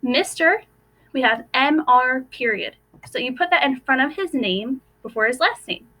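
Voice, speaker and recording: A young woman teacher giving a recorded phonics lesson to first graders, slowly sounding out letters and words. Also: high voice, lively intonation, sharp tone.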